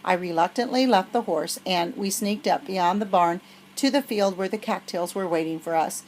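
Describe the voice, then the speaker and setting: Woman reader for a children's novel, lively storyteller. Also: medium pitch, moderate pace, slight background noise, rough recording. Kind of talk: reading a children's novel aloud.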